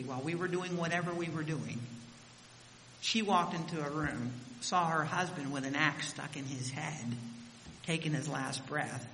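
A man delivers a sermon with dramatic storytelling, his voice swelling and falling. His tone is bright and slightly high for a man, and it rings through a reverberant hall. A faint hiss sits under the recording. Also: normal speed. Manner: dramatic storytelling, voice rising and dropping. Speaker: preacher.

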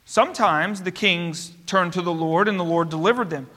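A man's voice: high-pitched, moderate pace, pushed and bright. A male pastor preaching a sermon, emphatic and driving his points home with repeated parallel phrases. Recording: long reverb of a large hall.

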